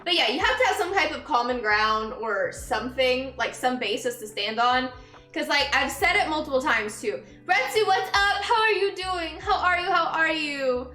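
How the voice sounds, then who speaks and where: Bright, high-voiced young woman streamer. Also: animated, normal speed, soft background music. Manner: chatty, laughs often, greets viewers upbeat. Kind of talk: casual chat with viewers. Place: empty room, indoors. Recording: echoey empty room.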